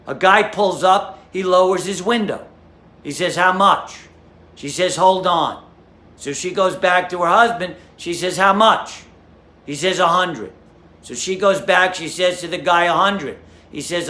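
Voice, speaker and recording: High, bright-voiced comedian telling jokes. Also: male voice, echoey room. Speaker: stand-up comedian. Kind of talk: deadpan joke telling.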